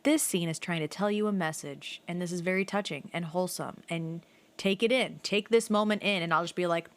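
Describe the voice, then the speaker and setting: A woman's voice: mid-range voice, brisk, no echo. A young woman streaming a video game, rambling through casual stories with lots of "like" and the odd swear. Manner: rambling, animated storytelling with frequent "like" and swearing. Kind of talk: casual let's play chat.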